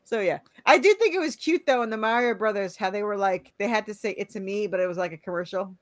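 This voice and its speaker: A woman's voice: mid-range voice, quick pace, no room sound. A middle-aged woman co-hosting a podcast, chatting casually, laughing often and trailing off with fillers. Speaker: podcast co-host. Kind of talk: casual chat.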